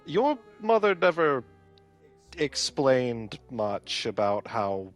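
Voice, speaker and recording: Man doing a bookish flustered healer, slow halting speech, lively pitch, faint music behind. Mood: hesitant. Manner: hesitant, halting, stammering explanations.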